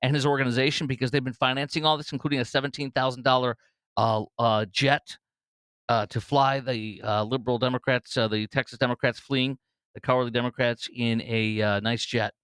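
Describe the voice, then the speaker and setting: Smooth-voiced male political talk host. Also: mid-range voice, fairly even intonation, brisk, fairly bright tone, no echo. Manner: rambling, heavy with fillers and restarts.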